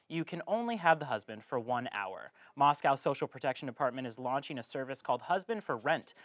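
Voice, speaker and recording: A man's voice: mid-range voice, a bit bright, dry recording. A young man co-anchoring a comedic student newscast, with wry asides. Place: studio.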